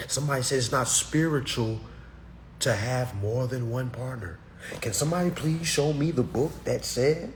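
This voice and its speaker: Male livestream host, mid-pitched, blunt and sermonizing, constant "okay?" check-ins. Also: slight background noise. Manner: preachy, blunt, keeps checking in with "all right?" and "okay?"; emphatic and repetitive, hammering single words. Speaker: livestream host answering viewer comments. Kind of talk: casual livestream monologue.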